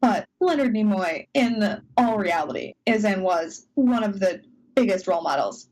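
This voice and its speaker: A woman cohosting a podcast over a video call, telling a personal story in an animated, emotional way and acting out her own inner voice. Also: medium pitch, moderate pace, poor audio. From United States. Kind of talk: casual storytelling chat.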